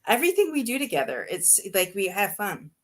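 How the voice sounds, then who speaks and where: A woman's voice: medium pitch, very animated, brisk, fairly bright tone. A woman hosting an interview show, greeting and questioning her guest in an enthusiastic, effusive way. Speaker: host.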